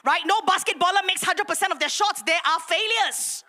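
Bright animated woman preacher. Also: very high-pitched, brisk. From Singapore. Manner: animated storytelling, self-mocking with laughs and acted gasps. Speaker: pastor. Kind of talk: sermon.

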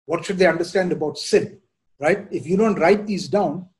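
A man leads an informal Bible teaching session, his voice sitting somewhat higher than most men's. He talks in an easygoing, candid way, often tagging his points with "right?" and "you know". He comes across as a pastor reflecting openly with his group. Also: normal speed, darkish tone, poor audio. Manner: conversational, frequent "you know" and "right?" tag questions.

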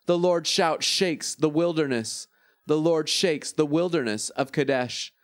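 Man reading scripture, slightly high voice. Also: a little slow, no room sound, studio quality. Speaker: scripture reader.

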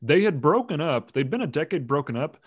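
A man's voice: on the high side, big pitch swings, a little fast, slightly rough. A man hosting a casual podcast chat, rambling and joking, often laughing mid-sentence. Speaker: podcast host.

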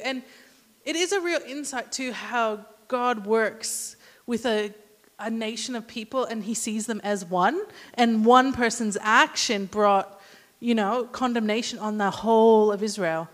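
A woman's voice: a little high, a little slow. A woman giving a casual, conversational sermon and asking the congregation questions. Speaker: church speaker. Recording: hall reverb.

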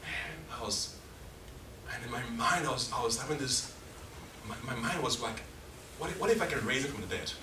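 A man's voice: medium pitch, lively intonation, a little fast, long pauses, echoey room, recorded from a distance, background noise. A man preaching a passionate sermon, acting out scenes in different voices. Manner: impassioned, acts out scenes in many voices.

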